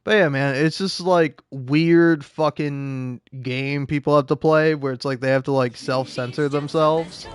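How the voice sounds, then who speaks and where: A man's voice: a little high, fairly even intonation, a little slow, hardly any pauses, clean tone, dry recording. A young adult man ranting casually while gaming, profane and rambling, laughing often and restarting his sentences. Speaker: gaming video creator. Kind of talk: casual rant while playing a game.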